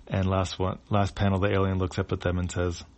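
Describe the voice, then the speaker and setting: A man with a low, gravelly voice talks through a comic strip panel by panel. His read is loose and unscripted, with hesitations and restarts. He speaks in a casual, easygoing way. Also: completely flat delivery, brisk, a little mellow. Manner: describes panels with fillers and restarts. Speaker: comic reader. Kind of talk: casual reading of a web comic.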